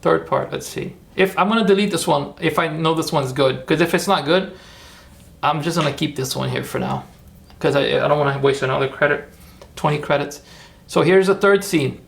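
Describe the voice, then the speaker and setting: A man's voice: on the high side, fairly quick, vocal fry. A man hosting a casual livestream, chatty and rambling as he talks viewers through his steps and cheers them on. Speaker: livestream host.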